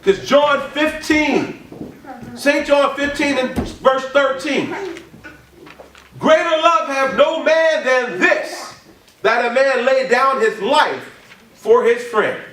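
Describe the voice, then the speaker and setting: A man preaching a sermon, repeating his points with emphasis and building up to shouts. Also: very high-pitched, slow. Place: church or ministry hall. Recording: echoey room from a distant mic.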